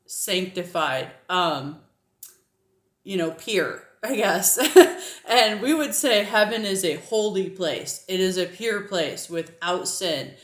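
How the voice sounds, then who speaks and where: A woman's voice: lowish voice, animated, slow, reverberant. A woman with a faint Southern American twang, talking casually about faith, laughing often and using many fillers. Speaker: Christian apologetics video host. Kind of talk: casual teaching monologue.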